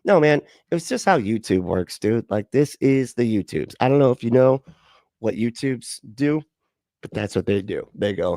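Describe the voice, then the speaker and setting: A man's voice: mid-range voice, expressive, normal speed, a little mellow, no echo. A man hosting a casual livestream, reacting to videos and greeting chat in a sarcastic, laid-back, profane way. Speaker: livestream host.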